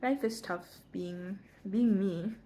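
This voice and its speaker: A teenage girl films herself on her phone's front camera at home and tells a story in a loose, rambling way. Her voice sits at a middle pitch, and a faint hiss stays under it. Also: takes it slowly, dark tone. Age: teens. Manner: rambling, full of "like" and self-corrections. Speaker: vlogger. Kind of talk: casual storytelling vlog.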